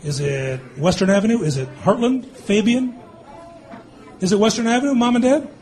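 A man in his fifties or sixties, a mayor teasing children at a public meeting with quick jokes and frequent laughs. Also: high voice, darkish tone. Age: born 1964, 50s or 60s. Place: meeting hall with an audience. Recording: crowd noise behind. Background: crowd.

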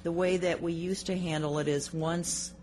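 City staffer explaining policy with many pauses. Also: medium pitch, fairly even intonation, a little mellow, slight background noise. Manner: measured, many ums and uhs.

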